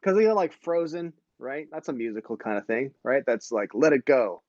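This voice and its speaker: Male host, forties, joking and self-correcting; animated pitch, muffled stream audio. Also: normal speed, dry recording. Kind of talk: casual live-stream chat. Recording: dull, lo-fi live stream.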